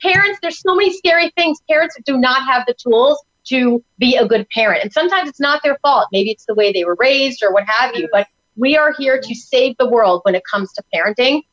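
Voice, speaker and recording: Energetic New York woman, slightly muffled. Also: sits high, fairly quick. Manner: energetic, upbeat, salesy. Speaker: parenting coach guest. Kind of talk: enthusiastic talk-show chat. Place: studio in Tampa.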